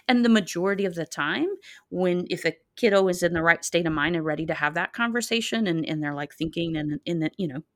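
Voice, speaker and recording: A middle-aged woman speaks in an earnest, measured way, her voice set a little low. The sound is close and dry, with no room around it. She explains her advice carefully, pausing on fillers and restarting her phrases. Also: dry recording. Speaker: child therapist guest. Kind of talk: podcast interview, advice.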